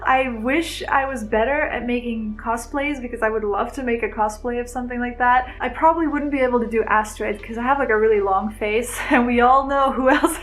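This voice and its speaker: A woman's voice: sits high, a bit bright, low-quality recording. A woman vlogger chatting to camera about a film she loves, gushing and giggly, rambling with restarts. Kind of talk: casual chat to camera.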